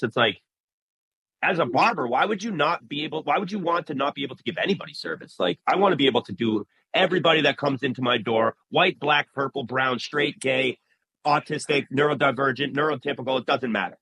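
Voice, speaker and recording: A man's voice: mid-range voice, fast, slightly rough, no room sound, low-quality recording. A man, a barber, talking casually in an interview and acting out the people in his stories. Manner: animated storyteller, acts out quoted voices. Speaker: barber, guest.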